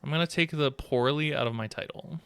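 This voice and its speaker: A man's voice: a little high, brisk, fairly bright tone, clear, resonant tone, no echo. A man streaming a video game live, rambling and joking as he plays, swearing often, into a desk microphone. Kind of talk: casual live gameplay commentary.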